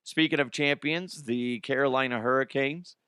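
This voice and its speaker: A man's voice: medium pitch, steady tone, moderate pace, sharp tone, clear, resonant tone, dry recording, clean studio sound. A man hosting a casual sports talk show, ranting with profanity and sarcasm and laughing at his own jokes. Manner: mocking impressions of fans and players.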